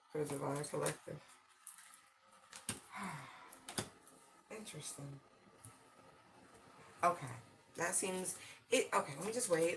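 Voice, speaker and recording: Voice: medium pitch, gravelly, noisy background. An intense, slangy tarot reader giving a livestream reading and talking straight to viewers. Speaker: tarot and channeled-message reader.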